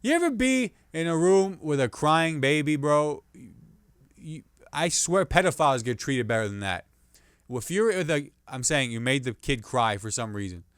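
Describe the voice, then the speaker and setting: A man hosting a comedy podcast, riffing on the news in a rambling, animated way and restarting jokes mid-sentence. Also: mid-range voice, normal speed, clear, resonant tone, no room sound, clean studio sound.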